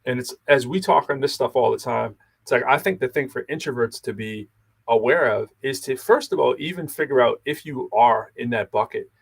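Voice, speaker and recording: A man's voice: mid-range voice, brisk, vocal fry, husky. A man co-hosting a podcast, talking casually and reflectively in a slangy, rambling way with lots of "you know" and restarts. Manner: thinks aloud with restarts and asides. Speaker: podcast co-host.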